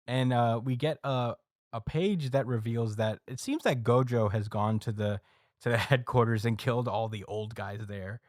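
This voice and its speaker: In a clean studio recording with no room sound, a male podcast co-host casually recaps a manga chapter, filling his chat with lots of ums and uhs. His voice is mid-range, delivered at normal speed with fairly even intonation.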